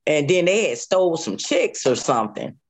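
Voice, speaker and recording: A woman's voice: deep voice, sing-song, moderate pace, breathy edge. Woman telling a harrowing story emotionally. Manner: vivid retelling with repeated phrases and sound effects; voice rises and falls sharply with emotion. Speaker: interview guest recounting a survival story. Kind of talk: emotional first-person storytelling.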